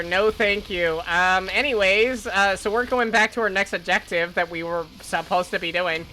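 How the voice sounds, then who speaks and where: A woman's voice: mid-range voice, normal speed, rough recording. A woman streamer giving casual gameplay commentary, rambling and correcting herself as she goes. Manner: rambling, self-correcting, laughs often. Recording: steady background noise.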